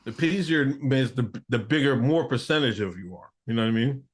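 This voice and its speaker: A man co-hosting a podcast in casual chat, animated and laughing. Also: fairly quick. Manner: animated, laughing, swings pitch widely when making a point. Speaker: podcast co-host.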